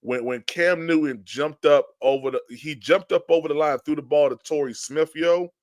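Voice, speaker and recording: Excitable man hosting a fan podcast. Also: a little high, normal speed. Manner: animated storytelling with many restarts, greets chat viewers. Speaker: podcast host. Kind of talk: casual live-stream chat.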